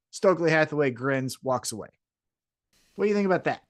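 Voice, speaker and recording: A man recapping a wrestling show for his co-host, in a voice a touch higher than most men's. His pitch moves a lot as he acts out what the wrestlers said. He keeps it casual and conversational. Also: quick pace. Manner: recaps events, acts out quotes in a lively way. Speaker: podcast co-host.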